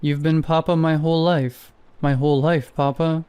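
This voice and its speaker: A frightened little boy with a slight Russian accent begs and repeats himself, as a man puts him on. The voice sits a little higher than the narrator's own, smooth and mellow. It suits a spoken horror story. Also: animated, a little slow. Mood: pleading. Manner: pleading, repeating his words.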